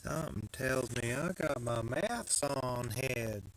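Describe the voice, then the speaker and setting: A man's voice: mid-range voice, animated, slow pace, slight background noise. A man narrating his own DIY repair vlog casually, with joking, self-mocking asides. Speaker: DIY video maker.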